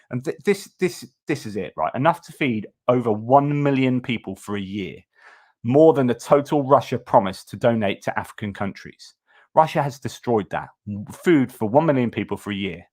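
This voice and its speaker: A man hosting a news commentary livestream, reading headlines and reacting with animated, indignant asides and frequent restarts. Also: mid-range voice.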